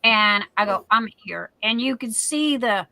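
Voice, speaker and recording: Bright-voiced candid woman host. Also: a little high, a little slow, no echo, low-quality recording. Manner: candid, emotional storytelling. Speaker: livestream host. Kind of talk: casual chat.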